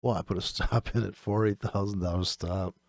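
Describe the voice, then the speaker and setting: With a low-sitting, a little mellow voice and fairly even intonation, a trading channel host rants fast and profanely, exasperated as he picks apart other traders' videos. There's no room sound in the recording.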